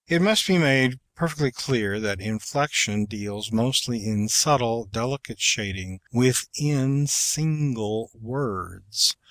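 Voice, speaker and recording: Slow, measured male audiobook narrator. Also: mid-range voice, a bit bright, no echo. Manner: measured, deliberate reading. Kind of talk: scripted narration of an instructional book.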